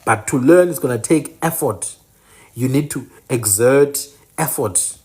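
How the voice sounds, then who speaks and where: A man's voice: medium pitch, a little slow, darkish tone, husky. Insistent man teaching. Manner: emphatic, corrects names insistently and repeats them. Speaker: channel host teaching indigenous place names. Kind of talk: informal teaching monologue.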